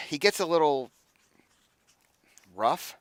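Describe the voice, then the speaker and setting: A man voicing a weary, sardonic young female courtesan in a tabletop game, with a flat, dismissive drawl. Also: a little high, very slow, no room sound, voice pushed up. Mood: bored, dismissive.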